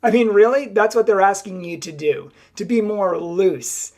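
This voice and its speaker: An emphatic young woman giving straight-talking advice to camera. She voices both sides of each exchange as she goes, with a middle-pitched voice of ordinary range. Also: expressive, moderate pace, a little mellow. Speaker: Catholic speaker. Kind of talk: direct-to-camera advice talk.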